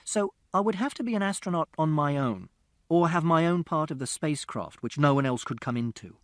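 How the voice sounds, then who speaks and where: A man's voice: on the high side, animated, brisk, dry recording, clean studio sound. A man narrating a first-person audiobook in a literal, precise, matter-of-fact way.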